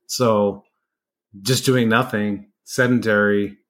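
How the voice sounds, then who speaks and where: A man's voice: on the low side, steady tone, slow pace, fairly bright tone. A man in his forties, a guest in a casual interview, answering in a plain, matter-of-fact way. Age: 40s.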